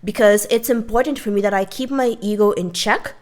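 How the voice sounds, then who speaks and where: A woman's voice: medium pitch, brisk. A woman vlogger delivering a casual, emphatic rant to the camera, often checking in with "okay?". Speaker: art vlogger.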